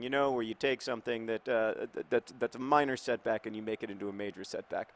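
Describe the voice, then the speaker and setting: A man's voice: mid-range voice, fairly quick. A man hosting a football management game in casual, rambling, wry commentary, his mouth numb after oral surgery.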